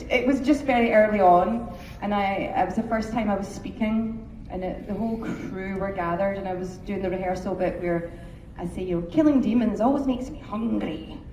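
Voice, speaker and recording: A woman's voice: medium pitch, steady tone, fairly quick, warm tone, recorded from a distance. A British woman, an actress on a convention panel, telling a self-deprecating, rambling story. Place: large convention hall. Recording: echoey hall with clear noise.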